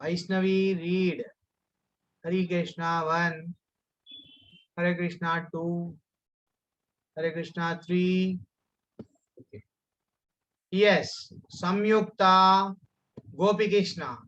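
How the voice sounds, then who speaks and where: A man with an Indian English accent leads a children's class over a video call. His voice sits a little high for a man, and the sound is muffled and lo-fi. He pauses often on fillers and restarts while he tells the story. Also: steady tone, fairly bright tone, clear, resonant tone. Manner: many fillers and restarts, calls on pupils by name. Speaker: teacher of a children's scripture class. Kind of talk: online class teaching and storytelling. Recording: muffled online call audio.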